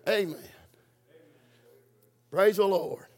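A man preaching a sermon in a church, stressing points by slow repetition. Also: high-pitched, darkish tone.

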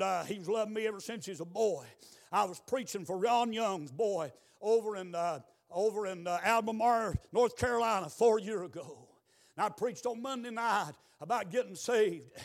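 A man preaching a revival sermon in a church, moving between quiet storytelling and shouted exhortation. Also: high voice. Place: church building.

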